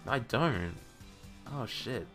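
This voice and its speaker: Animated, swearing game streamer man. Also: mid-range voice, very slow, faint music behind. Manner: swears freely, laughs often, bursts into loud outrage. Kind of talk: casual gameplay commentary.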